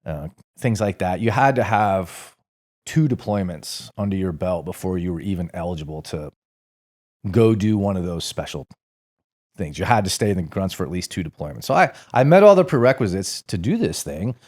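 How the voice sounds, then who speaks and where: Deep-voiced man telling war stories casually. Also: moderate pace. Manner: relaxed, rambling, salty storytelling with fillers and swearing. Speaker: podcast guest. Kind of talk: casual storytelling interview.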